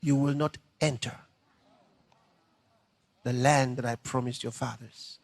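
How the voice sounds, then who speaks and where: A man preaching and voicing God as a stern, solemn figure, speaking slowly and gravely. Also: fairly even intonation, heavy background noise. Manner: slow, grave, low and quiet.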